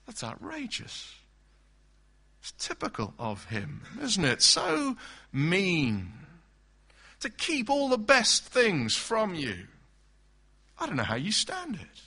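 A man's voice: high voice, huge pitch swings, slow, vocal fry, pauses often, pushed and bright, breathy edge, voice pushed up, heavily acted. A man voicing a sly male serpent who tempts with wheedling, mocking questions. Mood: insinuating.

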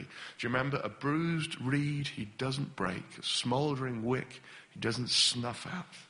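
Bright-voiced animated preacher man. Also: mid-range voice. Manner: animated, acts out impatient voices. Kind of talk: sermon.

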